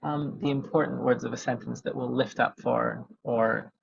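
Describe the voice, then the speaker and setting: A man's voice: medium pitch, steady tone, moderate pace, gravelly, a little hiss or hum. A man, a vocal coach, explaining technique methodically over a video call with many ums. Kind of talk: webinar teaching. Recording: dull lo-fi video call audio.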